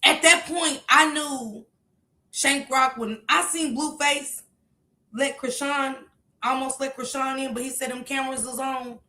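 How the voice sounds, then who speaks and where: A woman streamer talks straight to her viewers in a heated, profane rant that keeps flaring into shouts. Her voice sits high and bright, and it rings in an echoey room. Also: steady tone, unhurried. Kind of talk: casual livestream rant.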